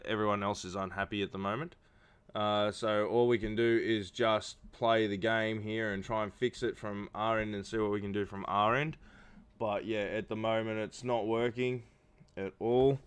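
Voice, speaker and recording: A man's voice: on the low side, fairly bright tone, clean tone. A man doing casual live-stream commentary for an online racing league, talking with many fillers while feeling unwell. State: not feeling well.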